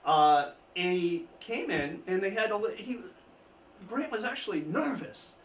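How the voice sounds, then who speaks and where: A man's voice: high-pitched, measured pace. Man telling history in an echoey room. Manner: storytelling, chuckling asides, lively emphasis. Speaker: history speaker. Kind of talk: informal history talk to an audience. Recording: echoey room, mic at a distance, faint background noise.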